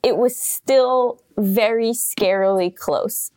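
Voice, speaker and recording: A woman's voice: on the high side, takes it slowly, darkish tone. A woman co-hosting a podcast, talking earnestly and thinking aloud in a casual chat. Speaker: podcast co-host.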